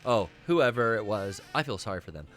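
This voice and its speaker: A man's voice: on the low side, lively intonation, a little fast, a bit bright. A man co-hosting a gaming stream, chatting casually while he plays, rambling and swearing often. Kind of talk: casual let's-play chat.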